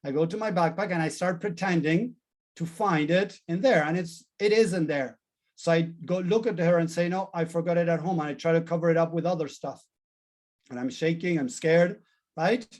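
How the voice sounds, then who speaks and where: Earnest high-voiced man teaching therapy. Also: normal speed, a little mellow. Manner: earnest, repetitive, addresses listeners as people. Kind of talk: teaching a therapy training class.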